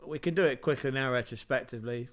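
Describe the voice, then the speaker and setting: A man's voice: mid-range voice, fast. A man hosting a casual football livestream, chatty and rambling, with self-mocking asides. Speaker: football podcast host.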